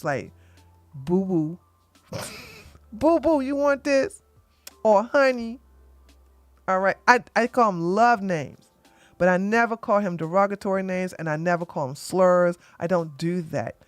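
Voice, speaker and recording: A woman hosting an opinionated commentary show, talking bluntly and emphatically, often tagging points with "okay?" and getting loud when she acts out arguments. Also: fairly low pitch, slow, no room sound, faint music behind. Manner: gets loud and animated when acting out arguments. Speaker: commentary channel host.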